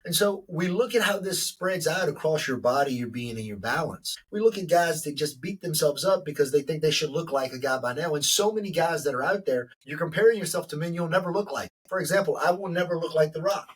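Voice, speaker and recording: Middle-aged male host, husky and a touch high, preachy emphatic delivery, mic set back a little. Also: animated, brisk, hardly any pauses, distant mic, poor audio. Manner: emphatic, preachy, repeats lines for effect. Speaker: podcast host. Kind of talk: motivational monologue.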